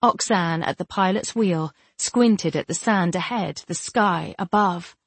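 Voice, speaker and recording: Steady woman narrating a fantasy novel. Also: on the low side, a little slow, husky, no echo. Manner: steady, even storytelling. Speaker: audiobook narrator.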